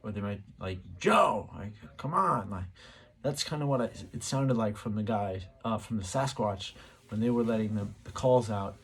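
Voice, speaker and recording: A man's voice: lowish voice, moderate pace, warm tone. A man hosting his channel, talking casually to camera and rambling as he muses aloud, with plenty of fillers. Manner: rambling, musing, many fillers. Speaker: channel host.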